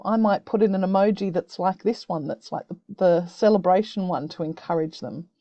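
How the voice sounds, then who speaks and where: Woman, teacher, encouraging step-by-step tutorial, mellow tone, dull computer-mic audio. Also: fairly low pitch, a little fast, few pauses, no room sound. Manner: gentle, encouraging, explains step by step. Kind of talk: screen-recorded tutorial for children. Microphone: computer mic on a video call.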